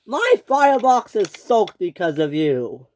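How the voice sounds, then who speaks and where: The narrator doing a high, yelping panicky logging engine. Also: sing-song, unhurried, noisy background. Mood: cross. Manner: yelping, alarmed.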